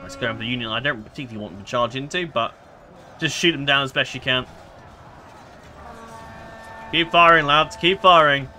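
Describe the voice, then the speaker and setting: Guy commentating a strategy game, bright tone, lots of ums and restarts. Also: medium pitch, quick pace, slight background noise. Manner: rambling, hesitant, frequent fillers and self-corrections. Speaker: gameplay commentator. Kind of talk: casual let's-play commentary.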